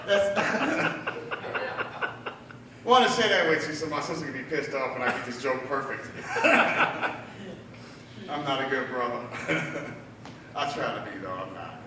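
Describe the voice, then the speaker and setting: A man's voice: fairly high pitch, moderate pace, long pauses, noisy background. A man telling a stand-up story at a bar open mic, acting out his family members' voices, with audience laughter behind him. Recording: echoey bar room, mic heard from a distance.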